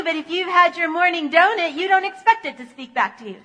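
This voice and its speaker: A woman pastor telling a children's story in a church sanctuary, animated in manner. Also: extremely high pitch, a little fast, few pauses, long reverb tail, poor audio.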